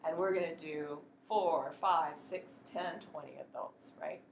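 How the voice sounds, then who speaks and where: A woman training teachers in a workshop, explaining in a practical, chatty way and slowly sounding out words to demonstrate. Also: deep voice, echoey room, a little hiss or hum. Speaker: literacy educator training teachers.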